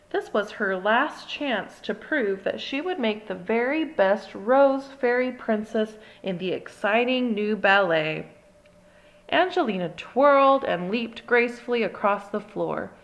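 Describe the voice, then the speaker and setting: A woman reading a picture book aloud to young children in a mid-pitched voice. Her narration is gentle and expressive, paced for little listeners. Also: poor audio. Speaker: storybook reader. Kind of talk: children's storybook read-aloud.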